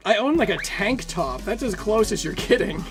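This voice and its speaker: A young streamer talks to chat mid-game in a mid-pitched voice, with a dry, sarcastic, self-mocking ramble. Faint game music plays underneath. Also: lively intonation, normal speed. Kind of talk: casual live-stream chat while playing.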